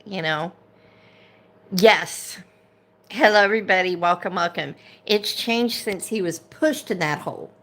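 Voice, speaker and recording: A woman's voice: mid-range voice, a bit bright. A woman hosting a casual livestream, ranting with indignation and greeting viewers by name as they join. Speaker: livestream host.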